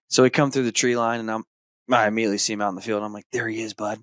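Excited man telling a hunting story. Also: on the low side, fast talker, no room sound. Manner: animated storyteller, acts out his son's excited shouts. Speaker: podcast host. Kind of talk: casual storytelling.

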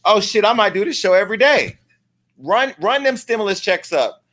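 Brief: male comedic gossip host, sassy and theatrical, bright edgy tone. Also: high voice, lively intonation, moderate pace. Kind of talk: comedic celebrity gossip commentary. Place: home studio with lights.

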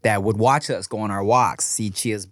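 The recording is dry and studio quality, catching a man with a fairly low voice speaking at a moderate pace. He's a new father in his thirties, chatting casually over a meal and telling animated stories peppered with swearing and restarts.

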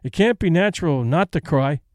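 A man's voice: a little high, lively intonation, normal speed, a little mellow, dry recording, studio quality, close to an everyday voice. A man reading as a reserved, dutiful companion.

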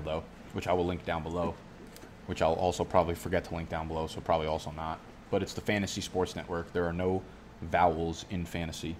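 A young man with a very low, deep voice chats through a fantasy draft in a loose, rambling way. He swears often and keeps drifting off on tangents. Faint background noise sits under the recording. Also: a little mellow. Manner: rambling, profane, goes off on tangents. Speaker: fantasy football YouTuber. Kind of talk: casual vlog commentary while drafting.

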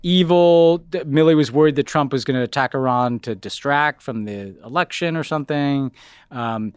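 A man co-hosting a political podcast in casual chat, rambling, saying "like" a lot and trailing off quieter at the ends of his thoughts. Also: mid-range voice, moderate pace, clear, resonant tone, no echo, studio quality. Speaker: podcast co-host.

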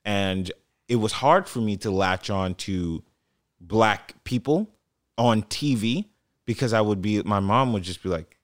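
Low-voiced man in casual chat. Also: a little slow, dry recording, studio quality. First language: not English. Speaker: podcast co-host.

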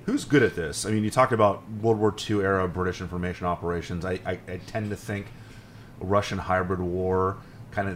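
A man's voice: sits low, slight background noise. A man hosting a podcast interview and reading a sponsor message in a conversational way. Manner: conversational, brief affirmations. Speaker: podcast host. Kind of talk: interview hosting and read advertisement.

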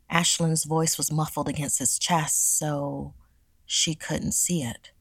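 Low, gravelly woman narrating horror. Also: steady tone, a little slow, a bit bright, no echo. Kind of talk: first-person horror story narration.

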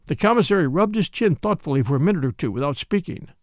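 A man's voice: fairly high pitch, fast talker, few pauses, dry recording, studio quality. A man narrating a mystery novel as an audiobook, reading expressively. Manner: expressive storytelling.

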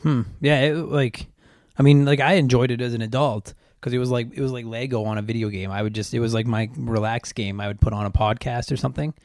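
A man hosts a podcast, chatting casually and rambling with plenty of filler words. His voice is medium-pitched with a darkish tone, and the recording is dry, with clean studio sound.

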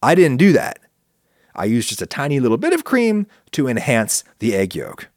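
A man hosting a podcast, making his case to listeners in an animated, argumentative monologue. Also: normal speed, no room sound, clean studio sound. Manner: animated, argumentative, swings pitch for emphasis. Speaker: podcast host answering listener questions. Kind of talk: casual spoken monologue.

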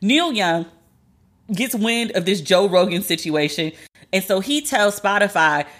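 A woman hosting a podcast, chatting casually about celebrity gossip in an animated, sassy, profane way. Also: medium pitch, a little slow. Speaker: podcast host.

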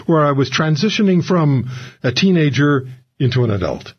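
A man hosting a radio talk show, telling stories in a casual, animated way. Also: a little high, normal speed. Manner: animated storyteller, gravelly. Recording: muffled radio broadcast.

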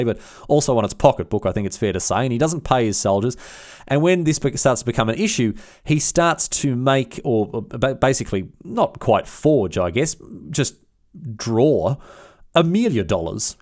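A man telling a history story in a casual, slangy, irreverent way, with many restarts. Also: mid-range voice.

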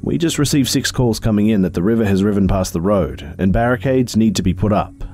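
A man voicing a police dispatcher calling all units, in a brisk official manner. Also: fairly low pitch, expressive, mellow, soft background music, voice pushed up. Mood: urgent.

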